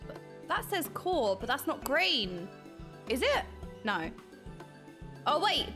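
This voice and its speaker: A young adult woman streaming a game, excitably commenting and reading quest text aloud. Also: high voice, takes it slowly, pauses often, music in the background. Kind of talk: live gameplay commentary.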